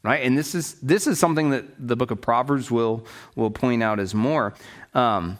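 A male Bible teacher with a medium-pitched voice and moderate pace gives a casual, conversational lecture. He explains things in plain paraphrase with restarts, frequently checking in with the class using "right?" and "okay?"

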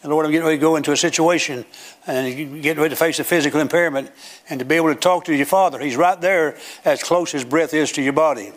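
An older man preaches a sermon in a church sanctuary with a platform, building emphatically until he breaks into loud, declaiming runs in a preaching cadence. His voice is on the high side, and he speaks quickly.

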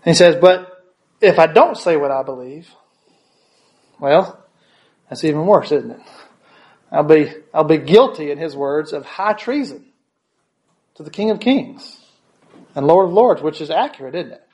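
A man gives a sermon, telling a story in his own voice. He talks in a slightly high register, often restarting his phrases and checking in with the listeners through short tag questions. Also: expressive, measured pace, pauses often, a little mellow. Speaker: preacher.

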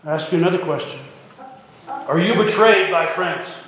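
High-voiced preacher in echoing hall. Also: male voice, moderate pace, fairly bright tone, a little hiss or hum. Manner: repeated rhetorical questions to listeners. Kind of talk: sermon. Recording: heavy echo, long hall reverb.

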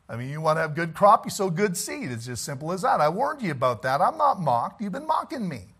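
Man, middle-aged pastor, folksy sermon, bright forceful voice, emphatic, church. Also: fairly high pitch, husky. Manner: conversational, with frequent asides and chuckles; emphatic and scolding, pressing his point hard.

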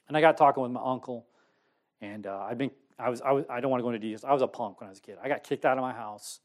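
A middle-aged man preaching a sermon, telling his own story with sudden swings between loud and hushed. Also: mid-range voice, very fast. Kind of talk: sermon testimony.

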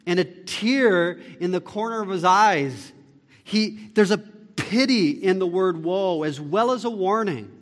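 A man preaching a sermon as pastor, swinging between loud, fervent lines and hushed ones, with deliberate phrasing. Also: high-pitched. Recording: long reverb of a hall.

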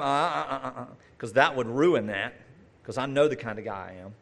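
A man's voice: medium pitch, expressive, a little fast, gravelly, sharp tone. A man preaching a conversational sermon, talking straight to his listeners with asides and rhetorical questions.

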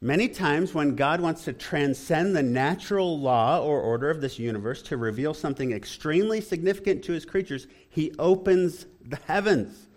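A man preaching an expository sermon in an animated, engaging way, often asking the congregation questions. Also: fairly high pitch, moderate pace, few pauses.

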